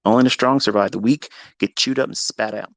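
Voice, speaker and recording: This trading mentor gives an improvised pep talk full of profanity, going from low mutters to loud, emphatic bursts. His voice is creaky, his pace brisk and his tone steady, with no echo in the recording.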